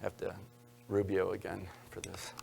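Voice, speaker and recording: A man's voice: low-pitched, completely flat delivery, moderate pace, creaky, a little mellow, a little hiss or hum. A man giving a public university lecture, breaking off for joking asides to the audience in the hall.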